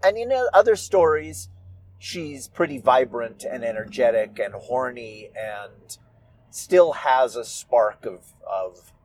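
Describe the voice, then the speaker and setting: A man who writes and performs audio stories, talking about his work in a casual, reflective monologue. He muses aloud and sounds animated and amused with himself. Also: mid-range voice, slow pace, slight background noise. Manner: musing, animated, self-amused.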